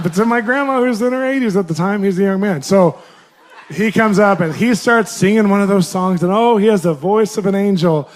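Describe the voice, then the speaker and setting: A man, a Christian minister, tells a personal testimony in a lively way, laughing often and jumping up in pitch for his own quoted reactions. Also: brisk, a little hiss or hum. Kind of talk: animated personal storytelling.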